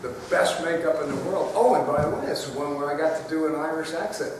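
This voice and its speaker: A man's voice: a little high, fast talker. An older man, an actor at a fan Q&A panel, telling stories with frequent laughter. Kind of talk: casual anecdote to a live audience. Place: festival hall with a live audience. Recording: echoey hall, mic heard from a distance, loud background noise.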